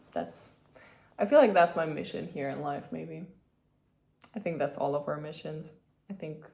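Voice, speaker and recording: A woman with a slightly low voice chats through a personal story in a relaxed vlog, full of "like" and "um". Her retellings of conversations get lively and animated. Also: vocal fry. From Austria. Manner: chatty, many fillers, animated retelling. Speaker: vlogger.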